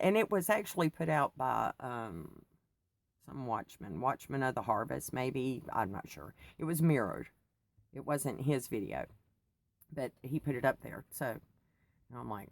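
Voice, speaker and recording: A woman's voice: a bass voice, big pitch swings, moderate pace. A middle-aged woman chatting in a rambling, digressive way, keyed up on coffee after little sleep. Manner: chatty, digressive, laughs often. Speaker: faith vlogger. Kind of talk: rambling personal talk.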